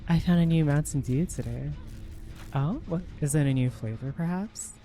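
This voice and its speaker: A game streamer chatting casually while playing, in a soft, hushed, ASMR-like voice, relaxed and rambling, laughing easily. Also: mid-range voice, moderate pace, faint music behind. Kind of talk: casual live gameplay chat.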